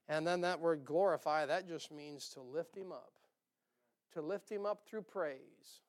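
A pastor preaching with a high, clear voice. He swings between loud emphasis and quieter asides, voicing imagined listeners as he goes. This is a sermon to a congregation. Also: moderate pace.

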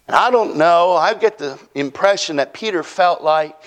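A man's voice: on the high side, lively intonation, moderate pace, few pauses. A man preaching a sermon in a folksy way, acting out quotes from his text. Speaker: pastor.

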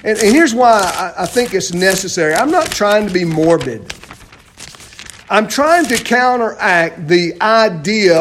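A man preaching a sermon, asking rhetorical questions and often dropping suddenly to a quiet voice. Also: sits high, slight background noise. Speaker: pastor.

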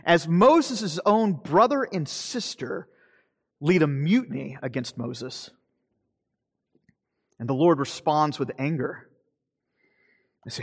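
A man preaching a sermon as pastor, earnest, slowing for emphasis and then speeding up. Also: fairly high pitch, very animated, slightly rough, big-room sound. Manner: earnest preaching, shifting between slow emphasis and quick asides.

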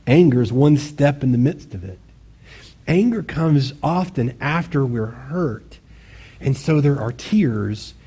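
A man's voice: medium pitch, animated, slow pace, dark tone, slightly rough. A man preaching a sermon in a conversational, self-deprecating way, with sudden bursts of intensity. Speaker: pastor.

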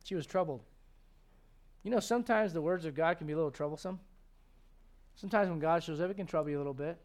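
A middle-aged male pastor preaching a sermon in an animated, joking way. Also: on the high side, fast talker. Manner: animated, joking, acts out quoted voices.

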